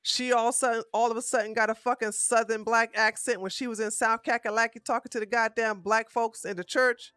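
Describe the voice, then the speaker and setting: Blunt, profane woman ranting in a bright voice. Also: a little high, steady tone, a little fast, hardly any pauses, clean tone, no echo, studio quality, soft background music. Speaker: political commentary host. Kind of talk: live-stream commentary rant.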